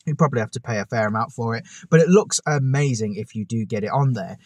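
A man's voice: mid-range voice, quick pace, darkish tone, dry recording. A man hosting his own car channel, talking casually to camera outdoors, enthusiastic and full of chatty asides. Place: outdoors on a hot day. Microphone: camera on a tripod.

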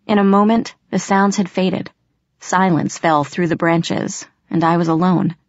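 A woman with a fairly low voice reads a first-person story aloud in a dramatic, expressive way. The sound is dry and a little muffled, like a simple home setup. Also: unhurried, no echo. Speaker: audiobook narrator. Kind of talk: first-person audiobook narration.

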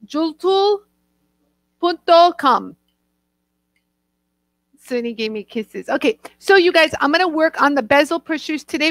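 A woman hosting a live online demo show, chatting casually and bubbly, warmly greeting viewers by name. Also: sits high, dry recording, rough recording. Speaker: host of a live jewelry tool demo show. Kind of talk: casual live-stream chat.

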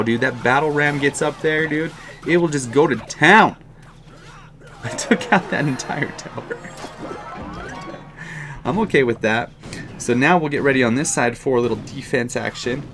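A man giving live commentary on his own mobile game match, excitable, moving from calm explanation to loud frustrated outbursts. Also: mid-range voice, a little hiss or hum. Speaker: gaming commentator.

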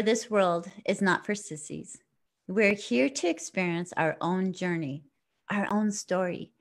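A middle-aged woman hosts an uplifting talk show. She encourages her listeners and affirms them with every phrase. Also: mid-range voice. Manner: affirming and encouraging, warm-hearted sign-offs. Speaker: podcast host. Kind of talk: upbeat inspirational chat.

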